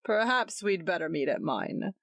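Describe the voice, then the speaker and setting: A woman's voice: on the low side, animated, normal speed, no echo. A woman reading aloud voicing a smug, jovial man who needles his host with irony and turns indignant when insulted. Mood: mocking.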